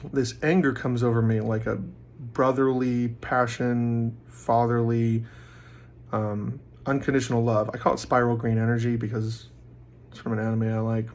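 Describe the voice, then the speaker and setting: Man vlogger, mid pitch, rambling casual monologue full of fillers, bursts into loud quoted voices. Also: steady tone, unhurried. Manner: acts out quoted voices loudly.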